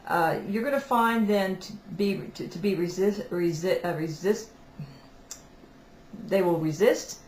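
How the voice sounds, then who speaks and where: A woman hosting weekly spiritual messages, giving advice in a casual, conversational way and often restarting her sentences. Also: on the low side. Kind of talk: casual teaching talk to camera. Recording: echoey room, faint background noise.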